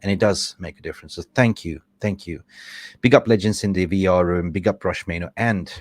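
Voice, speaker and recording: A man's voice: deep voice, brisk, no echo, studio quality. A man hosting a live stream, talking in a casual, effusive and rambling way. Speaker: livestream host.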